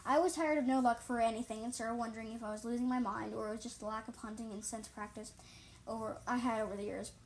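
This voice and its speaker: A woman's voice: a little high, fairly even intonation, fast talker, slight background noise, poor audio. Woman stumbling through a story read-aloud. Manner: frequent slips and self-corrections. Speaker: reader. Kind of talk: reading own story aloud.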